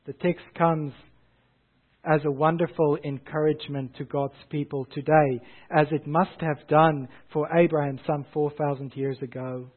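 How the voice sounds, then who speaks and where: A man's voice: a little high, steady tone, moderate pace. A man preaching a sermon as a pastor. He speaks emphatically and asks repeated rhetorical questions. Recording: tinny phone-like sound.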